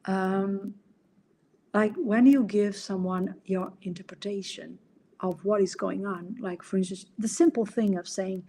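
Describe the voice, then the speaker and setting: A woman's voice: medium pitch, fairly even intonation, measured pace, warm tone, a little hiss or hum. A middle-aged woman coach and podcast host, explaining ideas in an earnest, casual way and sometimes acting out quoted dialogue.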